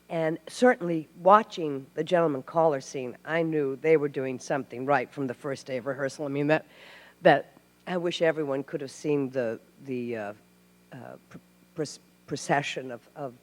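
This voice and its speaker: A woman from Tennessee, a guest at a live Q&A, telling animated stories with laughs and restarts. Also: low-pitched. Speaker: actress guest. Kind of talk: live Q&A storytelling. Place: stage before a live audience. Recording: hall reverb.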